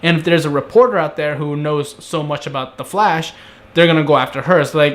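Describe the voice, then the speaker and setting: A man's voice: on the high side, a bit bright. Chatty young man reviewing an episode. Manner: conversational, acts out characters' lines in quick asides. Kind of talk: casual solo review.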